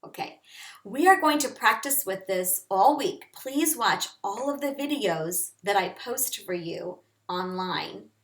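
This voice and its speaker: A woman teacher slowly and clearly explaining English grammar to learners. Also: a little high, fairly bright tone. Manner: slow, clear, deliberate teaching delivery. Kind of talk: instructional lesson. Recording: echoey room, voice off-mic.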